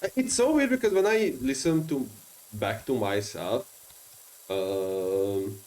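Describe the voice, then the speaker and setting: A man's voice: on the low side, lively intonation, takes it slowly, a little mellow, rough recording. A man with a strong non-native English accent, chatting casually and rambling with many fillers while streaming a game. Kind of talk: casual gaming stream chat.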